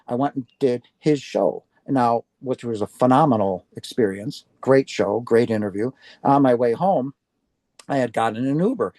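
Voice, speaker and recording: A man's voice: medium pitch, lively intonation, normal speed, mellow, no echo. An older man from Wisconsin, telling his personal story as an interview guest in an earnest, heartfelt way. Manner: earnest, heartfelt, acts out quoted speech.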